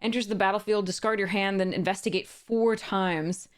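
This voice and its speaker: A woman's voice: medium pitch, fairly even intonation, normal speed. Chuckly woman opening card packs. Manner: reads card text aloud, chuckles often, restarts mid-sentence. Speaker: trading card box-opening host. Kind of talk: casual unboxing narration.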